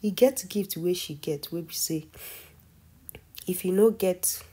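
A woman's voice: lowish voice, unhurried, warm tone, husky. A woman with a Nigerian accent giving casual commentary in a vlog, talking emphatically and repeating herself for stress. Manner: repetitive, emphatic, admiring. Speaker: vlogger.

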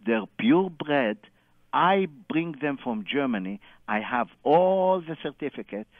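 A man's voice: mid-range voice, lively intonation, unhurried, dry recording, narrow, tinny audio. A man calling in and telling a long anecdote, acting out every quoted line with loose, non-standard grammar. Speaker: caller. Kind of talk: animated anecdote storytelling.

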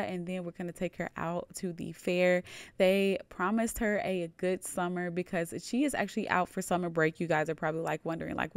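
A woman's voice: fairly low pitch, smooth, no echo. Chatty woman narrating a life-sim game. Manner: chatty, addresses viewers as "you guys". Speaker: let's play creator. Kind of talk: casual gameplay narration.

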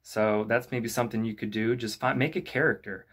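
A young man who teaches rap at a youth club, explaining lyric writing in a relaxed, conversational way full of "you know" and "kinda". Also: medium pitch, a little fast, breathy edge. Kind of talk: casual instructional talk to camera.

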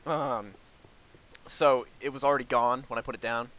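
A man hosting a casual gameplay chat, excitable and quick to burst into shouts and laughter. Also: mid-range voice, slight background noise. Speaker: let's play host.

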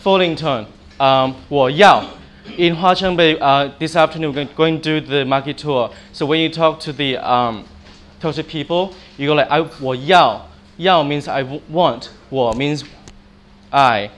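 A man's voice: on the high side, normal speed, a bit bright. A man teaching a short informal language lesson, demonstrating sounds by example. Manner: friendly, demonstrates tones by example.

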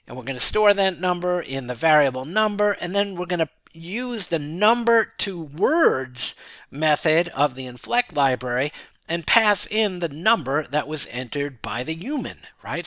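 A man walking through a programming tutorial in a chatty, casual way, often checking in with "right?" and filling pauses. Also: a little high, fairly bright tone, no echo. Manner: chatty, frequent "right?" check-ins and fillers. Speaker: programming instructor.

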